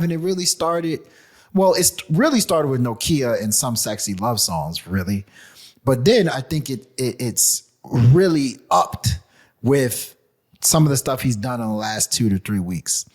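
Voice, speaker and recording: A man co-hosting a casual hip hop podcast, talking in an animated way with frequent restarts and laughs. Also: medium pitch. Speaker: podcast co-host.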